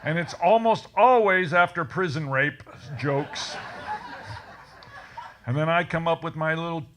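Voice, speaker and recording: A man opening his stand-up set with folksy, halting, self-deprecating banter on a comedy club stage. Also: fairly high pitch, a bit bright, a little hiss or hum. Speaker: comedian and magician.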